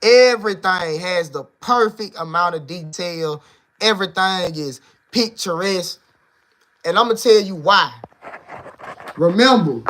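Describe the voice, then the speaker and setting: A young man hosting his own channel, talking straight to viewers in an animated, slangy monologue and leaning on "bro" and "man". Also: sits high, a little hiss or hum. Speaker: video host.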